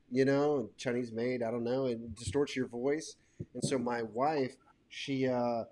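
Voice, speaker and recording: A man in his thirties hosting a casual panel discussion, telling stories in a rambling, animated way. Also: medium pitch. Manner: rambling, animated storytelling with laughs. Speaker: host.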